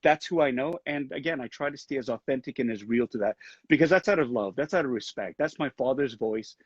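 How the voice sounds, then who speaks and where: A man's voice: medium pitch, fast, husky, no room sound, muffled recording. A man from Canada, an actor being interviewed over a video call on a headset, speaking earnestly and thoughtfully, often restarting his sentences.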